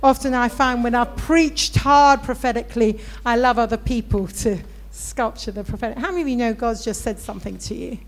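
A woman preaching with a high, bright voice. She tells her stories with gusto and acts out the people in them. She urges the congregation to pray and stand up. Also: brisk, hardly any pauses. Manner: storytelling, animated, acts out voices in anecdotes. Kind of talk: sermon.

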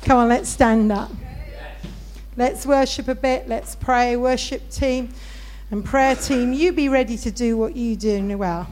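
A woman preaching a sermon, telling stories with animated voices for the people in them. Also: fairly high pitch, measured pace. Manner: storytelling, animated, acts out voices in anecdotes.

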